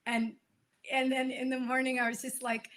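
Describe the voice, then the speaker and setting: A woman guest chatting in a relaxed, rambling way on a live stream. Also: high voice, normal speed. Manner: relaxed, rambling, self-deprecating. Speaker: musician guest. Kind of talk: casual live-streamed conversation.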